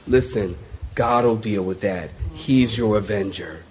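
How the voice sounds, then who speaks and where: A man's voice: on the low side, unhurried, a little mellow, slight background noise. A male pastor preaching a sermon, telling stories with animation, laughter and acted-out voices.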